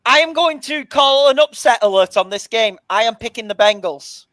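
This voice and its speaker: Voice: medium pitch, lively intonation, normal speed, a bit bright, no room sound. A podcast panelist making sports picks, often stumbling and repeating words. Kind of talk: casual sports debate.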